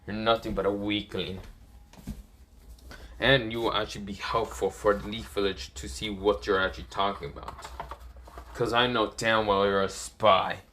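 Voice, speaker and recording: Cold, confident young ninja, calm and menacing, low-ish voice, a man reading him in a fan story. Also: moderate pace, slight background noise.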